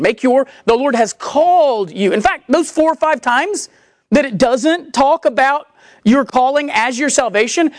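A woman's voice: a little high, no room sound, clean studio sound. A woman preaching a sermon, reading scripture aloud and pressing her point with questions she answers herself. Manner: emphatic, asks and answers rhetorical questions.

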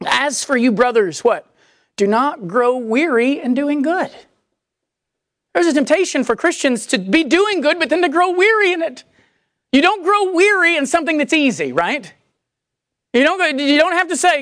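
A woman preaching a sermon in a conversational, animated way, acting out the voices she quotes. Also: high voice, normal speed, no echo, clean studio sound.

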